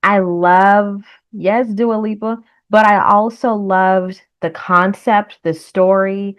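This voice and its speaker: A woman's voice: mid-range voice, steady tone, slow pace. A woman hosting a reaction video, chatting casually with laughs and rambling asides. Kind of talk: casual chat.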